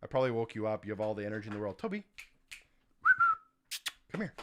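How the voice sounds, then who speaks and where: Lively man coaxing his dog. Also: quick pace, heavy background noise. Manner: talks to his dog in high coaxing commands. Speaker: streamer. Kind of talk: casual live stream chat. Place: home office.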